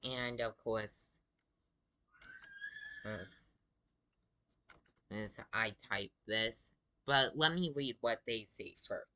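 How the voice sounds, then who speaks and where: Sick guy drawling thru game chat, super slow, really bright sharp tone, kinda fed up. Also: fairly low pitch. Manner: exasperated, drawling, many "like" fillers. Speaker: gaming video creator. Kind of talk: casual commentary reading out game chat.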